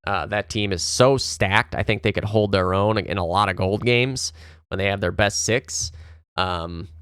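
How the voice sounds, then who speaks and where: A man's voice: lowish voice, a bit bright, clear, resonant tone, no echo, clean studio sound. A young man hosting a podcast, casually breaking down esports playoff matchups with loose, rambling talk and casual swearing.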